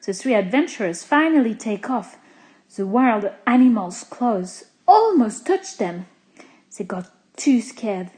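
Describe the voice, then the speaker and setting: A woman reading a children's story aloud, with slow, expressive storytelling. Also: a little high, low-quality recording.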